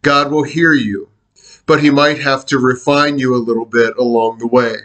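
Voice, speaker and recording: A middle-aged man preaching a devotional sermon in an earnest, confessional way, with halting restarts, near tears. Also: medium pitch, fairly even intonation, a bit bright. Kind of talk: devotional sermon with a personal story.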